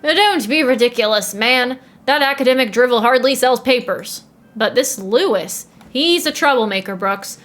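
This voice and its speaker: A woman's voice: fairly high pitch, animated, normal speed, fairly bright tone. A woman voicing a pompous, domineering older male newspaper editor in a put-on accent. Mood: blustering.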